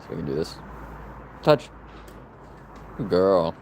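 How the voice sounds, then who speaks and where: Low-voiced man chatting outdoors with dogs. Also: takes it slowly, gravelly, slight background noise. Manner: relaxed, rambling, gives dogs commands in a raised sing-song voice. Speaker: vlogger and dog owner. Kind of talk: casual chat to camera. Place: outdoors in a yard with his dogs.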